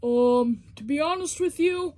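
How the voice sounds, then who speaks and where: A woman voicing a forgetful, easygoing male diesel engine with a slightly gravelly voice. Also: high-pitched, unhurried, mellow.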